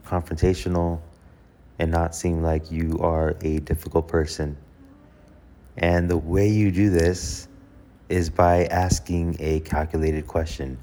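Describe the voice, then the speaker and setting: A man's voice: low-pitched, warm tone. A man talking casually to camera about handling requests, correcting himself and acting out short example exchanges. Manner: conversational, self-correcting, acts out example dialogue. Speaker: host. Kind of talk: casual advice talk.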